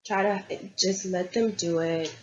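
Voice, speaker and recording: Tarot-reader woman, lowish voice, earnest and confiding; dull lo-fi recording. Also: fairly even intonation, a little slow. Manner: earnest, confiding, repeats herself. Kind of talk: tarot reading monologue. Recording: dull lo-fi audio with faint background hiss.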